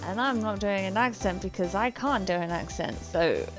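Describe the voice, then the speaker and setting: A woman streaming a game live, dropping quick muttered asides between lines she reads aloud. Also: medium pitch. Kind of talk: live gameplay commentary. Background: game music.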